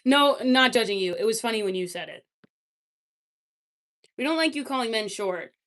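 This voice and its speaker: A woman's voice: on the high side, lively intonation, moderate pace, a bit bright. A woman livestreamer in casual chat, reacting to chat messages with lots of fillers.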